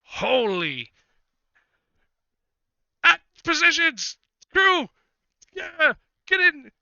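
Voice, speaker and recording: A man voicing a drunk, panicking male kobold pirate captain who shouts shrill orders. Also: very animated, very slow, vocal fry, dry recording, muffled recording, full character voice. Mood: panicked. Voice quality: shrill, yelling.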